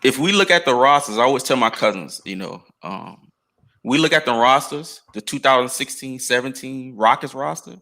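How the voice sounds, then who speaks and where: A man's voice: medium pitch, lively intonation, normal speed, gravelly, pushed and bright. An American man chatting casually on a podcast, telling stories in a laid-back, slangy way. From United States. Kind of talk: casual chat.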